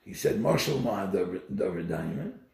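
A man giving a Torah lecture, telling stories in an animated, emphatic way, recorded in an echoey room. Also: sits low, moderate pace, gravelly. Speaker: Torah teacher.

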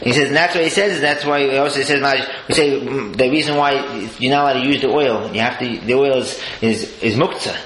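A man giving a sermon-style Torah talk, telling stories lively swings between high exclaims and low murmurs. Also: fairly quick, few pauses. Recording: echoey room with faint noise.

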